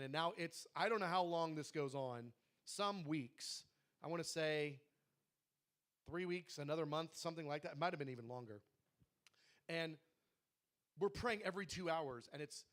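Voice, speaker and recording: High, bright-voiced man telling a testimony. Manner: animated storytelling, acting out quoted dialogue. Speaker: prayer room leader. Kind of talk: personal testimony to a congregation.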